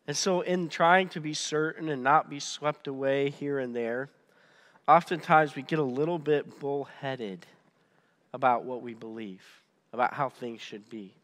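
A man preaching a sermon as pastor, conversational and animated, often restarting his sentences. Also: mid-range voice, a little slow, long reverb tail.

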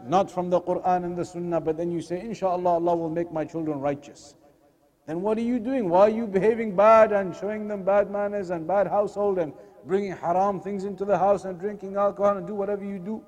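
A man's voice: high-pitched, darkish tone. A man teaching an Islamic lesson, earnest and fond of repeated rhetorical questions. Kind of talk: religious lesson.

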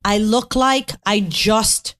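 A middle-aged woman co-hosting a podcast, telling stories in an animated, gushing way with lots of restarts. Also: mid-range voice, takes it slowly. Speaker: podcast co-host. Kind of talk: casual chat.

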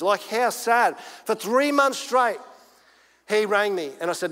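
A man with an Australian accent, a pastor preaching a sermon in an animated, earnest storytelling way. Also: high-pitched, normal speed, long reverb tail.

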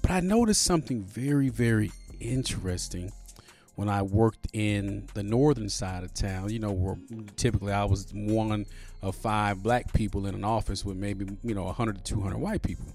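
A man's voice: on the low side, moderate pace, faint music behind. A man in his forties hosting a podcast in a casual monologue, laid-back and profane, with lots of "you know" fillers. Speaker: podcast host. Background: soft beat playing underneath.

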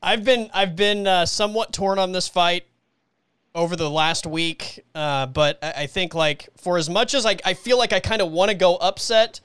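Upbeat host, man, slightly high voice, crisp dry close sound. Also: fairly even intonation, a bit bright, no room sound. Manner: chatty, quick, upbeat, hedging with "like". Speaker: podcast host. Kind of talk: casual podcast chat about fights.

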